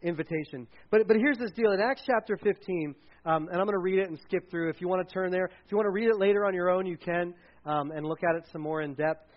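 A man's voice: high voice, fast talker, lo-fi sound. A man preaching a casual sermon as pastor, conversational with many fillers and restarts.

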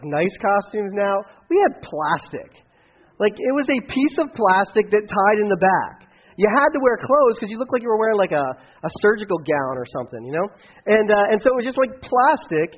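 High-voiced man telling a rambling youth sermon. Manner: rambling, many restarts, animated storytelling with shouted outbursts. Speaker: youth pastor. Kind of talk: casual youth sermon with a personal story. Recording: dull lo-fi recording.

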